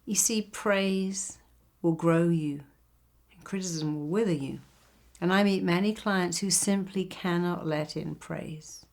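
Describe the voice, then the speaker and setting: An older woman therapist giving a motivational talk. She tells stories and slows down to stress the key phrases. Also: on the low side.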